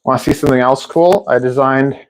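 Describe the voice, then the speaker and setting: A man's voice: mid-range voice, a little fast, low-quality recording. A man talking casually on a live stream at home, rambling and restarting sentences as he shows off things he designed. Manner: chatty, rambling, often restarts sentences and laughs at himself. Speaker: streamer and drone builder. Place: indoors at home, near a kitchen sink.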